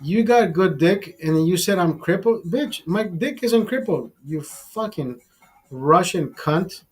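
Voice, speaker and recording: A man's voice: high-pitched, expressive, measured pace, slightly rough. A man hosting a livestream, telling a crude, bitter story with heavy swearing. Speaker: livestream host. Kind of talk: profane storytelling rant.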